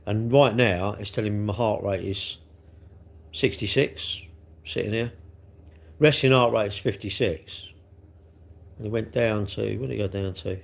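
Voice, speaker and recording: Gravelly and fairly low, the voice of this South London man in his sixties moves at a measured pace with frequent pauses. As a livestream host, he chats informally, replies to comments, rambles, and hangs questions on the end of everything.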